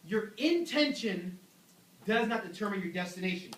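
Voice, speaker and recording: Young male youth pastor, animated and joking, high voice, heard from afar. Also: fairly quick, far from the mic, a little hiss or hum. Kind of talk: youth sermon. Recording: echoey room, voice from afar.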